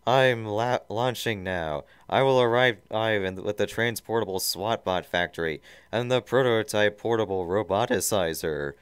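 A man voicing a blustering male mad-scientist villain in a hammy, loud reading of a fan story. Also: fairly low pitch, unhurried, few pauses, smooth, dry recording, pitched above the performer's own voice, natural voice. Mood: ranting.

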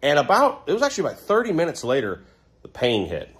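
A man's voice: a little high, huge pitch swings, fast, breathy edge. A middle-aged man casually telling a rambling, self-mocking story about a motorcycle crash, perking up when he quotes other people. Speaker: motorcycle vlogger.

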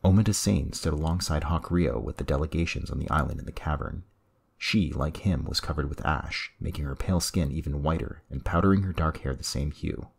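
Deep gravelly guy narrating a story, husky voice, even pacing. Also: brisk. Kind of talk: audiobook story reading.

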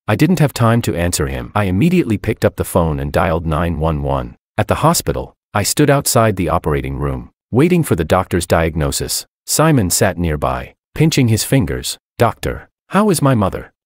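A man's voice: sits low, darkish tone, no room sound, clean studio sound. A man narrating a first-person story in a cold, dramatic manner.

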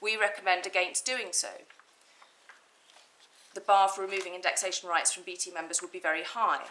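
Bright-voiced woman barrister arguing in court. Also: fairly low pitch, level tone, a little hiss or hum, rough recording. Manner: measured, methodical, reads from documents with some restarts. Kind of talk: courtroom legal argument. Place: appeal courtroom.

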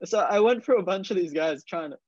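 A man's voice: high voice, lively intonation, brisk, darkish tone, dry recording. A young man with a New Zealand accent, telling a story casually and laughing often as he talks. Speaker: guest snowboarder. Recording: dull dry lo-fi sound.

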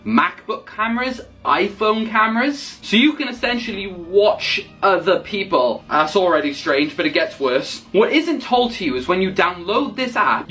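A narrator delivering a short warning video in an animated, urgent way. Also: mid-range voice.

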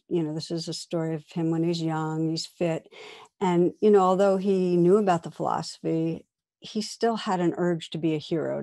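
With a low, gravelly voice, a woman meditation teacher tells a story during a dharma talk. Her delivery is gentle and measured, occasionally dropping to a soft whisper.

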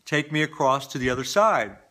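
Sly scorpion from a fable, a guy doing it, blunt and matter-of-fact, fairly high bright voice. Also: animated, brisk. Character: sly male scorpion in a fable, blunt about his nature.

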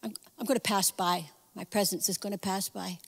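A woman voicing a calm, caring divine figure, speaking softly and low. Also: brisk, gravelly, husky, big-room sound. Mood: gentle. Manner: soft, gentle and low.

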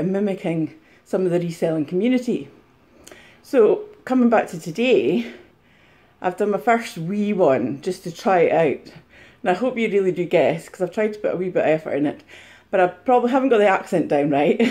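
A woman chats casually to her viewers, soft-spoken and quick to giggle. Her voice is mellow and relaxed, recorded on a mobile phone in a room at home. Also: fairly low pitch. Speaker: vlogger. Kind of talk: casual chat to camera.

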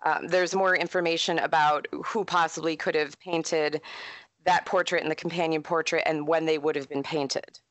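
A woman, an author and historian speaking as a guest in a casual interview, chatty and animated as she tells stories. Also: sits low, normal speed, no echo. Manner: chatty, animated storyteller with frequent laughs.

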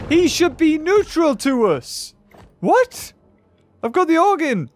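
A young man excitedly commentating his gameplay, often exclaiming and laughing. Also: high-pitched. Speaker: gaming YouTuber. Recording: game music behind voice.

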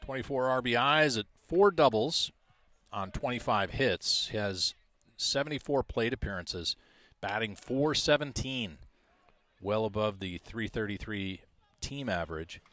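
A man calling a high school baseball game play by play, reading out stats in a measured way. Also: a bit bright. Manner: measured, stat-heavy, self-deprecating asides. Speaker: play-by-play announcer.

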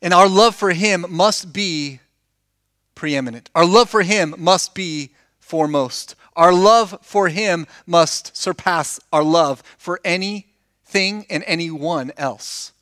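A man's voice: sits high, slow pace, no room sound, studio quality. A man preaching a conversational sermon as pastor, telling stories animatedly, acting out the dialogue and asking the congregation questions. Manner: animated storytelling, acts out quoted dialogue. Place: church.

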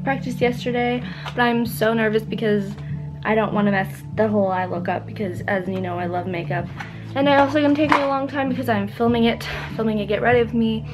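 A teenage girl vlogging casually, bubbly and gushing, with quick asides. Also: fairly high pitch, over music. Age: teens. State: groggy morning voice. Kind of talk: casual vlog chat.

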